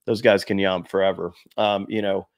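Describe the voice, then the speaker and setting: A man in his fifties from the United States, a former Marine, tells stories to the camera in a relaxed, rambling way, filling gaps with "you know". His voice sits low, and the recording is close and dry, with no room sound. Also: moderate pace, dry recording. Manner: animated anecdotes, fillers like "you know". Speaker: former Marine sniper telling war stories. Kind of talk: casual storytelling to camera. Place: small room before a green screen.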